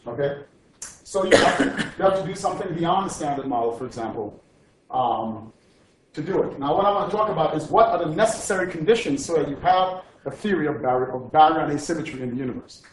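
A man's voice: on the high side, animated, fairly quick. Man lecturing in an echoey hall. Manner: digressive and joking, with frequent "okay?" check-ins. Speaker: physics professor giving a lecture. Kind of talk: informal academic lecture. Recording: echoey lecture hall from far off with faint noise.

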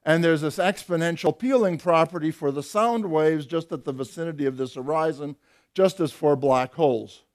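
Older male physics lecturer, slightly higher voice, dry wit, measured delivery with hesitations. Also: a little mellow. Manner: explanatory, dry wry humour, hesitant fillers. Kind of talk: academic lecture.

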